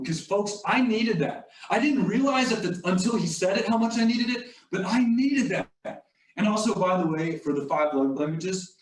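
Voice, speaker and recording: High-voiced man giving an earnest talk. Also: a little hiss or hum. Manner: earnest storytelling with light humor. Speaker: leadership facilitator. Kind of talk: motivational leadership talk. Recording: echoey room, distant mic.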